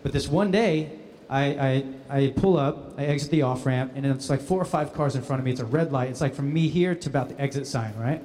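A man telling a funny personal anecdote, animated and often laughing as he speaks. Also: mid-range voice, a little fast, slight background noise. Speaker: guest storyteller. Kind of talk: comic anecdote.

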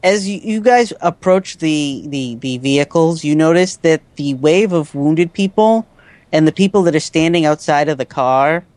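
A man narrates a tabletop game as its game master, setting scenes with halting restarts. His voice sits a little high. It is recorded close and dry, with no room sound. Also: darkish tone, no echo.

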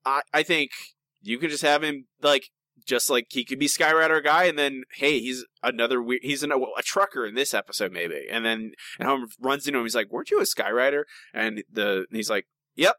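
A man's voice: mid-range voice, fairly quick, pushed and bright, no echo. A man co-hosting a podcast in casual chat, talking in an opinionated, rambling way with lots of restarts. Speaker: podcast co-host.

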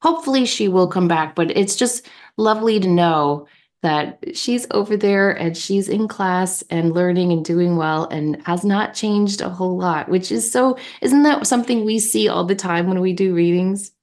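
A woman co-hosting a spiritual podcast, telling a personal story in an animated, chatty way. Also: mid-range voice, normal speed. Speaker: podcast co-host. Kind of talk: casual chat.

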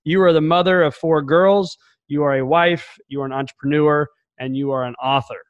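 A man's voice: on the high side, fairly even intonation, moderate pace, dry recording, highs cut off. A man with a Southern American accent hosting a podcast, chatty and friendly, with lots of "uh" fillers. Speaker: podcast host. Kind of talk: casual interview conversation.

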